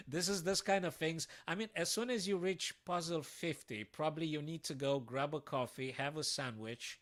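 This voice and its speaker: Excitable man thinking aloud over chess. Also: fairly high pitch, moderate pace. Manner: thinks aloud, talking to his viewers; excitable, with sudden frustrated outbursts. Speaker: chess streamer. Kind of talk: live-streamed chess puzzle commentary.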